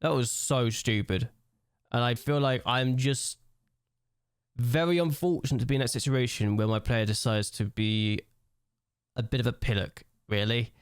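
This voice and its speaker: A young man talks through a football management game, venting his exasperation out loud as he plays. His voice sits at an ordinary middle pitch. The sound is close and dry, with no room around it. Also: moderate pace, smooth, no echo. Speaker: gaming YouTuber. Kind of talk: let's-play gameplay commentary.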